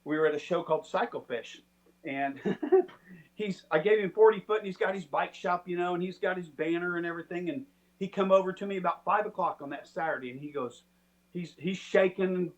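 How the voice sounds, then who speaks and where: A man with a high voice tells a story in a loose, chatty way. He puts on the voices of the people he quotes. He sounds middle-aged. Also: brisk. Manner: animated, acts out quoted people. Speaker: storytelling guest. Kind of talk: casual storytelling.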